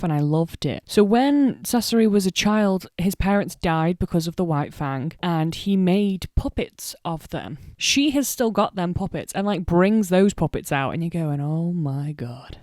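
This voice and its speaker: A young woman recapping an anime in a casual, animated way, swearing freely and poking fun at herself. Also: fairly low pitch, dry recording, clean studio sound. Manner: animated, sweary, self-deprecating. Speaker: anime reaction vlogger.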